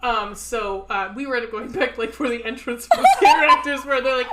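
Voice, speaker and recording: A woman co-hosting a podcast in casual chat, relaxed and agreeable, often chiming in with quick affirmations. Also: fairly high pitch. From Ohio, USA. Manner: relaxed, supportive, frequent backchannel agreement. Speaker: podcast co-host. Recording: noticeable background noise.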